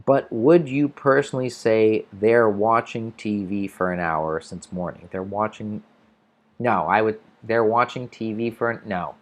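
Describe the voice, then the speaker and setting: A little slow and on the low side, an American man's voice carries an English-learning livestream. He casually works through viewer comments, thinking aloud and backing up to restart.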